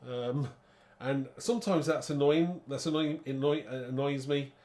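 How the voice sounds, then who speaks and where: A man's voice: mid-range voice, unhurried, warm tone. A man hosting a live card-making demo, chatty and rambling, thinking aloud and laughing at his own muddles.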